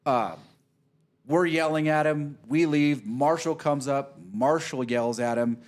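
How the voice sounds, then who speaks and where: A man's voice: a little high, slow pace. A man casually telling a long golf story, swearing freely and acting out what people said. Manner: animated, profane storyteller who acts out quotes.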